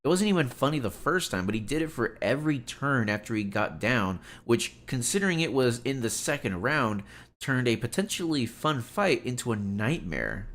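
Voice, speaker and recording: A man's voice: medium pitch, big pitch swings, moderate pace, a bit bright. A man chatting casually on a live stream, rambling and exasperated, with lots of "like" fillers as he tells stories and reacts.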